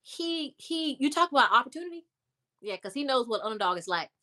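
Woman guest, lively storyteller, slightly high and bright voice, acts out quotes. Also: brisk. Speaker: interview guest. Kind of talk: casual storytelling.

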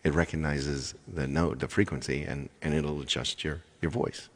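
A man's voice: rumbling low, fairly even intonation, moderate pace. A man singer chatting casually with viewers on a live stream, rambling and repeating his phrases.

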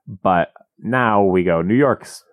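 A man co-hosting a casual comedy podcast, telling stories in a wry, animated way. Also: fairly low pitch, slow, no echo. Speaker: podcast co-host.

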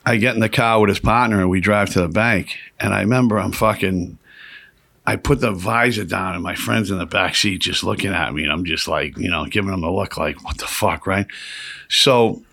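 A fairly low-voiced man, telling a rambling, profane story in casual talk. The recording is dry and close, with little room sound. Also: fairly quick, vocal fry, pushed and bright, no room sound. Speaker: podcast guest.

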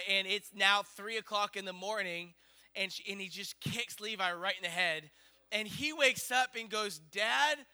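A man in his thirties telling a long personal story in a sermon, rambling and animated, full of fillers. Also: high-pitched, smooth.

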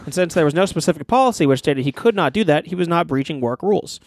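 A man's voice: fairly high pitch, animated, quick pace, no room sound, studio quality. A man co-hosting a podcast, reading out odd news stories and riffing on them in casual banter. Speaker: podcast co-host.

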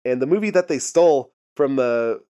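Recapping a TV episode for his podcast, a man rambles casually, laughs often and curses plenty. He speaks at a moderate pace with a mellow, medium-pitched voice and lively intonation.

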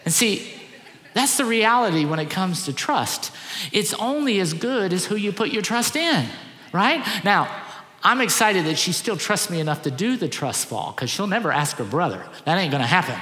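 Echoey, bright-voiced pastor preaching. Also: male voice, high-pitched, moderate pace. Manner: animated, conversational preaching with repeated phrases. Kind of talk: sermon. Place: church auditorium. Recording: echoey church hall.

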